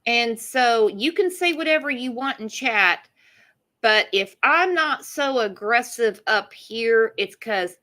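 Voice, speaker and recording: Woman streamer, casual chat, blunt and profane, bright, slightly high voice. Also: expressive, takes it slowly. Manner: blunt, profane, greets chat viewers by name. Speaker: true crime livestream host.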